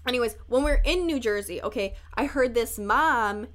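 A chatty young woman from Chicago talking through her solo podcast, candid and casual, swearing freely and breaking into laughs. Her voice sits a little high, and her delivery is loose and conversational. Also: normal speed, fairly bright tone. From Chicago, USA. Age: 20s. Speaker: podcast host.

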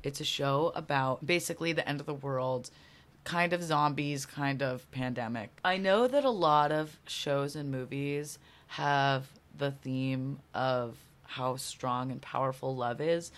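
A young woman talks with a low pitch, rambling through a casual podcast monologue. She swears freely, laughs a lot and acts out other people's lines with animated energy. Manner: chatty, profane, laughs often, acts out quotes animatedly. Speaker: podcast host.

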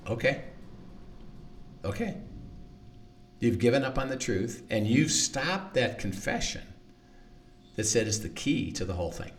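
A man's voice: medium pitch, expressive, moderate pace, recorded from a distance, a little hiss or hum. A man teaching the Bible in conversation, earnest, acting out quoted lines and often repeating words.

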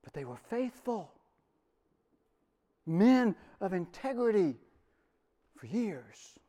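A middle-aged pastor preaching a sermon, telling personal stories with dramatic swings from quiet to loud. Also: male voice, high-pitched, big pitch swings, slow. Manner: earnest, storytelling with dramatic swings in loudness.

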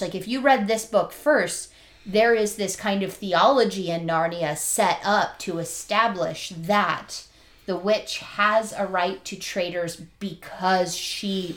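A woman co-hosting a casual podcast, talking through a book thoughtfully and analytically, with frequent ums. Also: mid-range voice. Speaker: podcast co-host.

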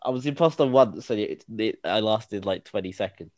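A young man co-hosting a casual podcast, playful and animated, acting out little scenes as he tells stories. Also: fairly low pitch, normal speed, no echo. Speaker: podcast co-host.

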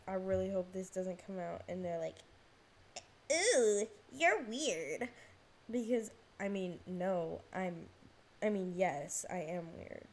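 A woman's voice: on the low side, fairly even intonation, a little slow, dark tone. A young woman hosting her own podcast alone. She rambles in casual chat, mocks herself, swears a lot, says "like" constantly and loses her train of thought. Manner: rambling, self-mocking, heavy use of "like", frequent swearing; jumps between topics, loses her thread. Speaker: podcast host. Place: at home, on her phone.

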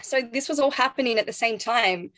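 A young pregnant woman telling a personal story as an interview guest, reflective and halting, with restarts and soft laughs. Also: fairly high pitch, dry recording.

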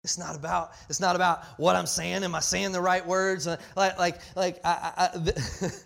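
High-voiced pastor preaching with passion. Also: male voice, little pitch movement, normal speed, gravelly. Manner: passionate, repetitive restarts, swings between loud and quiet. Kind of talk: sermon.

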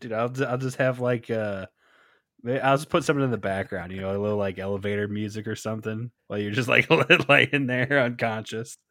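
A man co-hosting a podcast stream with a bright, forceful voice, joking around with plenty of swearing. He is recorded close and dry, with no room sound around him. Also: fairly low pitch, steady tone, no echo. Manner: joking, profane, quick to laugh. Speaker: podcast co-host. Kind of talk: casual chat.

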